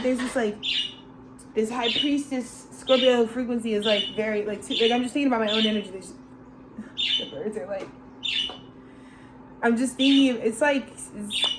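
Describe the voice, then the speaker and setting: Woman doing a chill tarot reading, kinda high voice, says bro a lot, laughs, swears. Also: very noisy. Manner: slangy and loose, calls listeners bro, swears, laughs often. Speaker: tarot reader. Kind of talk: casual channeled tarot reading.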